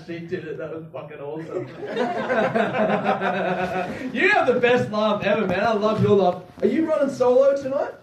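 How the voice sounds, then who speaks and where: Brash male stand-up working the crowd, high voice, roomy distant live sound. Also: animated, slow pace. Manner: brash, swearing, laughing often. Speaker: stand-up comedian. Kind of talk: crowd work at a comedy show. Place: comedy venue with a live crowd.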